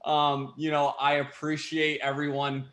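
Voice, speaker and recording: A man's voice: fairly high pitch, completely flat delivery, unhurried, a bit bright. A young man, a pro baseball player, chatting casually as a guest with frequent laughs and fillers. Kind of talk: casual interview chat. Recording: echoey room.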